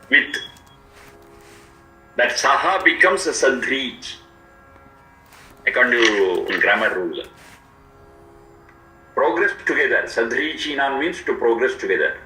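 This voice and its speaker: A man teaching a scripture, explaining each word slowly and repeating its meanings. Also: mid-range voice, very animated, pushed and bright, reverberant, soft background music, low-quality recording. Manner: slow, repetitive word-by-word explanation. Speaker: Vedic teacher. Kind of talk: explanatory lecture.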